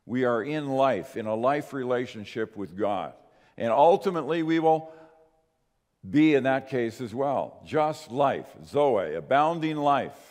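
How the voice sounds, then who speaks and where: A male pastor delivering a sermon, earnest and emphatic, swinging between raised stresses and quiet drops. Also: medium pitch. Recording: long hall reverb.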